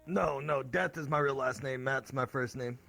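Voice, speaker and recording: A man guest talking in a deep, gravelly throat voice in a laid-back, swearing casual chat over a VR headset mic. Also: moderate pace, bright, forceful tone, soft background music. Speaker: guest, streamer.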